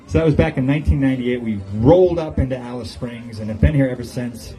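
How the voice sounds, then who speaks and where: A man's voice: mid-range voice, quick pace, warm tone, rough recording. An older man giving a humorous farewell speech on an outdoor patio, telling jokey stories and chuckling at his own punchlines. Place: outdoor golf club patio.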